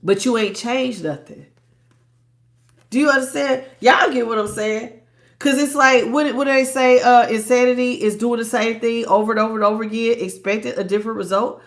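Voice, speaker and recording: A woman's voice: fairly high pitch, moderate pace. A stuffed-up woman giving a blunt, preachy live tarot reading, talking in slang and greeting her chat viewers. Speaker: tarot reader.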